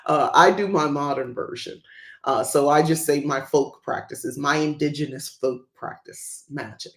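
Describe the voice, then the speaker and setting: A chatty livestream host who rambles through casual talk with plenty of fillers and small laughs. The voice sits at a middling pitch with a gravelly, creaky edge, and the room gives it a noticeable echo. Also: normal speed. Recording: roomy echo.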